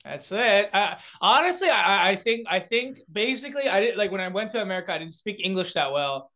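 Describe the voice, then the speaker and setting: A man's voice: sits high, big pitch swings, a little fast, bright, forceful tone. A young man from South Korea, a comedian and beatboxer, chatting as a guest with lots of fillers, restarts and laughter. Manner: rambling, many filler words and restarts, laughs often. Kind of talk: casual interview chat.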